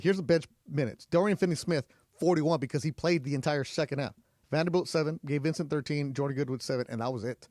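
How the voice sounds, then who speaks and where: A man hosts a sports radio show from the studio. His voice sits a little on the high side, and he drives his points with punchy rhetorical questions. The sound is close and dry with no room around it. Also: a little mellow, no echo. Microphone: studio microphone.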